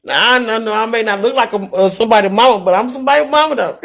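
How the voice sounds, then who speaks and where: A woman's voice: on the high side, creaky, fairly bright tone. A middle-aged woman talking candidly on a live stream, earnest and preachy, repeating words as she gets worked up. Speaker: livestreamer reading viewer comments.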